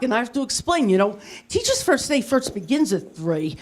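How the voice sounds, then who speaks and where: A woman's voice: on the high side, big pitch swings, a little fast. A woman performing a stand-up comedy set in a TV studio, delivering self-deprecating punchlines in a dry, matter-of-fact way. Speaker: stand-up comic. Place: TV studio with live audience.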